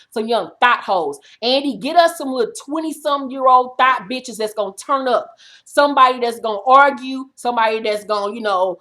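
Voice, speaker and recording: A woman's voice: on the high side, pushed and bright. Brash, foul-mouthed woman ranting. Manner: brash, trash-talking, heavy cursing. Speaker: reality TV recap vlogger. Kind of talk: profane comedic rant.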